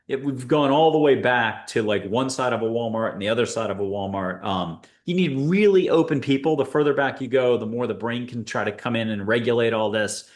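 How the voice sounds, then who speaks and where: A man hosts a guided spiritual talk, speaking straight to his listeners. He keeps the tone playful and upbeat, slipping in jokes and quick asides. His voice sits at an ordinary middle pitch for a man. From United States. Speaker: host and angel intuitive.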